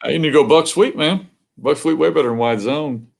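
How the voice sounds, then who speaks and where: A man who is a high school head football coach, a guest in a casual coaching chat who often answers with brief, affirming interjections. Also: brisk, gravelly.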